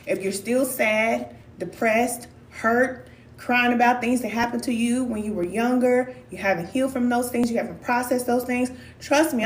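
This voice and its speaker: A woman's voice: a little high, echoey room, slight background noise. A woman from Missouri giving a blunt, emphatic motivational talk as a spiritual life coach.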